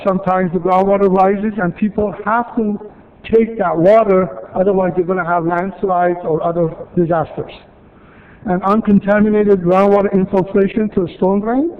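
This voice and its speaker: A man from city staff presenting at a council meeting, explaining rules step by step with repeated points and dry asides. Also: high voice. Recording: tinny, phone-like archive audio.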